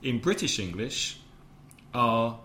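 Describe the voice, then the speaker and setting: A man hosting a relaxed English-lesson podcast. He explains vocabulary step by step and drops in quick translations. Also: mid-range voice. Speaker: podcast host and English teacher. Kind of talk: casual teaching podcast.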